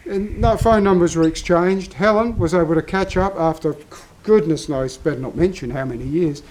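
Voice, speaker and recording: A man's voice: fairly high pitch, dark tone, low-quality recording. An older Australian man telling a long story in a casual vlog, drifting off on tangents. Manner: rambling, self-interrupting storyteller. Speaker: vlogger.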